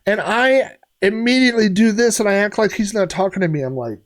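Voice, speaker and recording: A man's voice: high voice, a little fast. A middle-aged man streaming retro games, telling a story casually with lots of fillers and restarts. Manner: rambling, many fillers and restarts.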